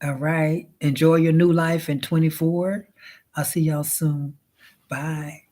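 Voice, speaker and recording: A woman's voice: deep voice, slow pace, a little mellow, a little hiss or hum. Sassy woman chatting on a livestream. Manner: sassy, calls listeners honey, drawling. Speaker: livestream host. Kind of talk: casual comedic livestream chat.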